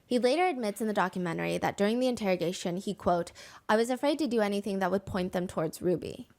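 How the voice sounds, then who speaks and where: A woman telling a true crime story in measured, scripted narration. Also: medium pitch, expressive, darkish tone.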